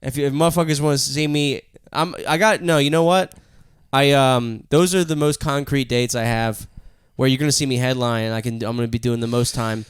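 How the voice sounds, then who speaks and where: A man's voice: mid-range voice, fairly even intonation, fairly quick, few pauses, clean tone, no echo, clean studio sound. A young man co-hosting a podcast, a stand-up comedian in loose, crude banter who laughs and swears often.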